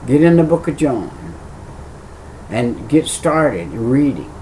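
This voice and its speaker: A man's voice: medium pitch, big pitch swings, slow, dark tone, distant mic, slight background noise, poor audio. A middle-aged man, an evangelist, preaching a video sermon with earnest, emphatic repetition.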